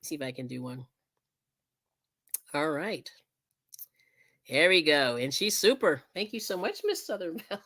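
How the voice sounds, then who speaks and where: A woman's voice: sits low, big pitch swings, a little slow, long pauses, a bit bright. A woman hosting a casual live stream, chatting, laughing often and thanking viewers as she crafts. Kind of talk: casual chat while crafting.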